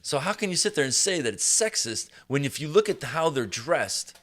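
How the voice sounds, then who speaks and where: A man with a deep voice hosting a podcast, talking casually with lots of swearing and laughter. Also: moderate pace. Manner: animated, swearing, laughing often. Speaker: podcast host. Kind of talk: casual chat.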